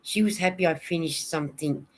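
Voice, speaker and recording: A woman's voice: deep voice, brisk. A woman hosting a casual livestream, chatting and answering viewer comments. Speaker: knitting vlogger hosting a livestream.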